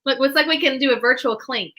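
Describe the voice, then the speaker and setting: A woman co-hosting a casual live-stream chat, laughing often and dropping to a hushed voice for stories. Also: sits high, fast. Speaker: co-host.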